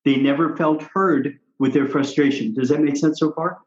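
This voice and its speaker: A doctor coaching on how to talk with patients, a man with a slightly high voice who makes his points with emphatic repetition. The sound is roomy and a little dull. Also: steady tone, moderate pace.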